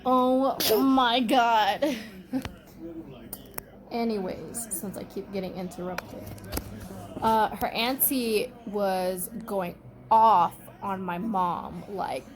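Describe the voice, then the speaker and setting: A woman's voice: mid-range voice, steady tone, measured pace. A young woman telling a story to camera at home in a casual, profane, chatty way, breaking off now and then to scold someone nearby. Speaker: vlogger.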